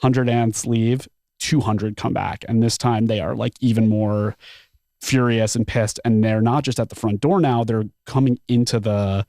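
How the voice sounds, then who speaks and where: A man telling a story as a podcast guest, animated, often saying "like" and acting out his own thoughts. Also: lowish voice, unhurried, dry recording, studio quality. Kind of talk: casual storytelling.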